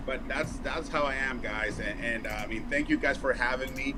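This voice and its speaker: Appearing as an interview guest, a baseball broadcaster from Mexico in his 40s tells lively stories in a casual chat, acting out quotes and restarting quickly. His voice is medium-pitched, and there is background noise.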